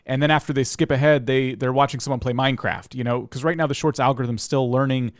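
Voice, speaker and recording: A man's voice: mid-range voice, fairly even intonation, fast, dry recording, studio quality. A man co-hosting a livestream, reviewing channels in an easygoing, advisory way. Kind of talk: livestream casual chat.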